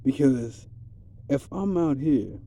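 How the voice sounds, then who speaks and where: A man's voice: medium pitch, lively intonation, takes it slowly, mellow. A man giving a rambling, streetwise spiritual monologue in a casual, preachy way. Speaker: vlogger.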